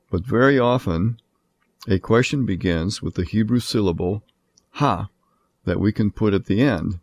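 Deep gravelly male Bible lecturer. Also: a little mellow. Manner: measured, says "quote" and "end quote" around citations. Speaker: Bible teacher. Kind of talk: lecture on scripture.

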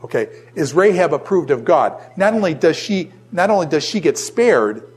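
A man with a Boston accent leads a classroom Bible lesson in a somewhat high voice. He is animated and keeps firing rhetorical questions at the room. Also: moderate pace, breathy edge. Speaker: Bible teacher.

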